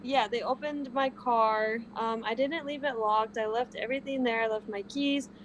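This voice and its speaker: A woman's voice: on the high side, fairly even intonation, moderate pace, a little hiss or hum, low-quality recording. A woman guest casually telling a personal story with lots of "like" fillers.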